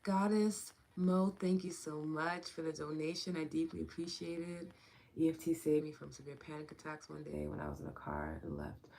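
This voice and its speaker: A woman host who guides an EFT tapping session and then chats with her livestream viewers, thanking them one by one with open affection. She talks softly while guiding and more freely afterward. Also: sits low, lively intonation, normal speed, vocal fry, a little hiss or hum. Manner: soft and hushed while guiding.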